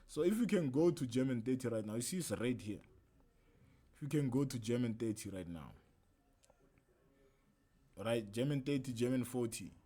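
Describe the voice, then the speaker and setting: A man's voice: medium pitch, lively intonation, normal speed, pauses often, warm tone, husky. Chatty man teaching trading on stream. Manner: loose and chatty, keeps asking "right?", slangy asides. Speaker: trading instructor streaming a lesson. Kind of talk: casual livestream trading lesson.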